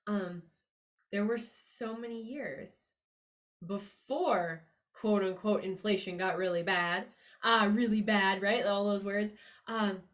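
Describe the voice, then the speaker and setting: Speaking slowly, a podcast host delivers an earnest, confiding monologue about money mindset straight to her listeners, at a middle-of-the-road pitch for a woman. She's upbeat and emphatic, her voice jumping up on key words each time she presses a point.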